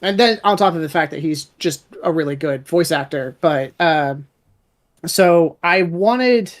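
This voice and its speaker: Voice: mid-range voice, animated, a little slow. Rambling audio drama creator in casual chat. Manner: rambling, restarts sentences often. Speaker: audio drama writer and director.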